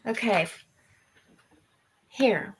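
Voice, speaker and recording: A woman's voice: on the high side, lively intonation, noisy background. A woman, casually thinking aloud while playing a mystery game. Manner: slow, unhurried, musing aloud. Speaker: co-player on a live stream.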